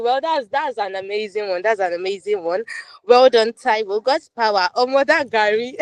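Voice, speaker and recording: A woman's voice: a little high, moderate pace, no echo. A woman tutoring a live online class, reading out viewer comments in an upbeat way, with lots of repetition and fillers. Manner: upbeat, repeats phrases, many fillers.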